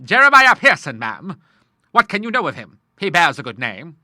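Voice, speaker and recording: A man's voice: high-pitched, sing-song, normal speed, bright, forceful tone, no room sound, studio quality, pitched above the performer's own voice, exaggerated voice. A man voicing a bluff, courteous old naval admiral in an audiobook, hearty and full of sea talk. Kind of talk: audiobook character voice.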